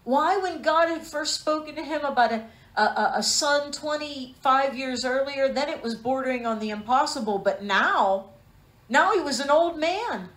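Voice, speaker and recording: Female Bible teacher, fairly high voice, heartfelt personal storytelling in a sermon, roomy echo. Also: normal speed, fairly bright tone. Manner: personal storytelling, earnest and emotional. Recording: echoey room.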